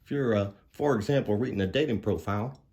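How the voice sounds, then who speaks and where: A man's voice: on the low side, fast, darkish tone, close to an everyday voice. A man voicing a folksy male dog grammar professor, giving an easygoing puppet-show lesson. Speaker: teacher.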